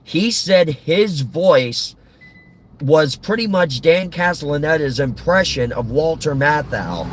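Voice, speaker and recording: A man's voice: a little high, animated, slow pace, rough recording. A man chatting to his listeners while driving, telling a story casually with a few fillers, recorded in a car. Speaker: radio-style host. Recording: car road noise.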